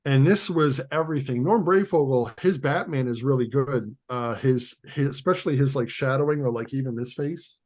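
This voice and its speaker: A man's voice: medium pitch, moderate pace, few pauses, a little mellow. A man co-hosting a casual chat about comics, rambling with restarts and lots of "like". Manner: rambling, restarts, many likes. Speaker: co-host.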